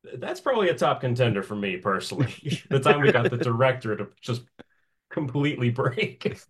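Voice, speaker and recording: A man's voice: medium pitch, husky. A man who works as a voice actor, telling stories in a casual interview and laughing often between phrases. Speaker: voice actor guest.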